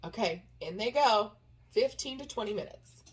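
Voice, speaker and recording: A woman's voice: mid-range voice, animated, moderate pace. A woman casually talking through a recipe in her kitchen, chatty and rambling. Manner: chatty, rambling, lots of "uh" and laughs. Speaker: baking vlogger. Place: home kitchen.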